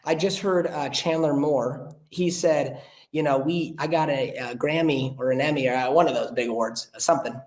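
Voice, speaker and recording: A young man, a podcast guest, telling a story in an earnest, animated way and acting out the voices of the people he quotes. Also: a little high, moderate pace, hardly any pauses. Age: young adult. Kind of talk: casual storytelling chat. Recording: roomy echo.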